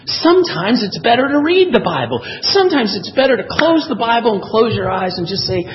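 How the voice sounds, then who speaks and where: A man's voice: very high voice, fairly quick, few pauses, in a large hall, lo-fi sound, background noise. A man preaching a sermon, telling stories and acting out quotes with energy. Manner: animated storyteller, voices quotes. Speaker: pastor.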